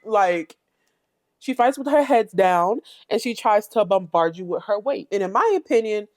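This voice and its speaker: A woman's voice: mid-range voice, lively intonation, moderate pace, no echo. Blunt sassy young woman recapping. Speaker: commentary channel host. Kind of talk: reality TV recap commentary.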